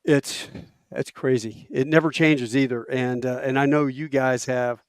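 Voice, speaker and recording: A smooth mid-range voice at a measured pace comes through a dry, studio-quality recording. This podcast host in his late fifties tells relaxed stories with plenty of laughter, animatedly launching into loud drill instructor impressions.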